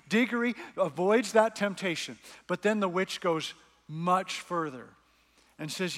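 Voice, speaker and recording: A man preaches with earnest storytelling, reading passages aloud to his listeners. His voice sits a little high, and a long reverb of a large hall rings after his phrases. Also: moderate pace, a bit bright. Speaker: pastor. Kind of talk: sermon.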